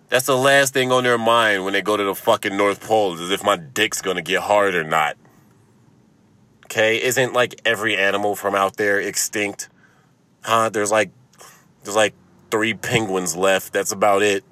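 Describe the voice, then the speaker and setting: Sitting alone in his car, a podcast host rants into a phone in a profane comedic monologue, swearing constantly. His voice is low and sharp at a normal speed, with no echo.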